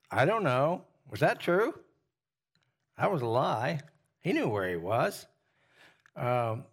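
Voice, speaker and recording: A man leading a Bible study, teaching in a relaxed conversational way, often pausing with "uh" and putting questions to his listeners. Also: mid-range voice, vocal fry. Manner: asks the group questions, frequent "uh" fillers.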